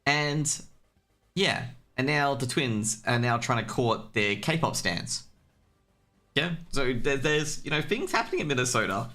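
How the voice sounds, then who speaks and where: Bright-voiced Australian man casting. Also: medium pitch, very animated, unhurried. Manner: chatty, rambling, jokey. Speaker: esports caster. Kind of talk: casual solo stream commentary.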